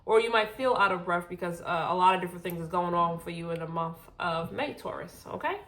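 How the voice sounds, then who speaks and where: A woman's voice: fairly low pitch, a little fast, fairly bright tone. Woman reading tarot cards, a bit out of breath, keeps saying okay, fixes her words. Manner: reassuring, repeats okay, self-corrects often. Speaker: tarot reader. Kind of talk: casual spiritual reading to camera.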